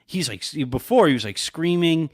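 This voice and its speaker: A man's voice: on the high side, sing-song, normal speed. A man co-hosting a podcast, telling a long story in a loose, rambling way full of "like" and frequent laughs. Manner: rambling, lots of "like", laughs often. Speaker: podcast co-host. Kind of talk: casual chat, storytelling.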